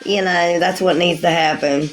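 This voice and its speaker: A woman's voice: fairly low pitch, steady tone, normal speed, soft background music. Rambling woman in her forties. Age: 40s. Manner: rambling, calls viewers sweetie, laughs often. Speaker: livestreamer. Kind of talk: casual livestream chat with viewers.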